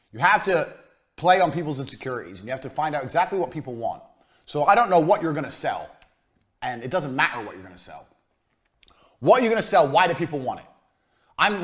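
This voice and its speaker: A man's voice: fairly high pitch, a bit bright. A man giving a business lecture as a coach, blunt and profane, hammering his points home by repeating them.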